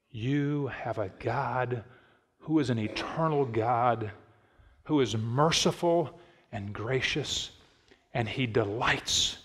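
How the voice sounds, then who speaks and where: A middle-aged male pastor preaching a sermon, telling a personal story in an easy tone and rising to emphatic, shouted peaks. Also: medium pitch, long reverb tail. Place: church sanctuary.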